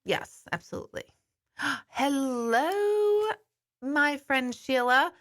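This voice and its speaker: On her studio live stream, a woman who is an intuitive medium and life coach chats openly while answering comments from viewers, swearing on occasion and apologizing afterward. Her high-pitched voice is expressive and fairly bright, and she speaks slowly.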